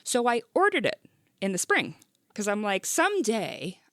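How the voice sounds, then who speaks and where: A woman hosting a casual podcast interview, animated and playful, reacting with quick exclamations. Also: mid-range voice, no room sound, studio quality. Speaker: podcast host.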